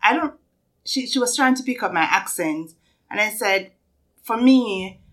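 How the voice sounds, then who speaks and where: A woman from Jamaica with a Jamaican accent, telling a story in an animated way during a casual round-table chat. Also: mid-range voice, unhurried. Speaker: student club member.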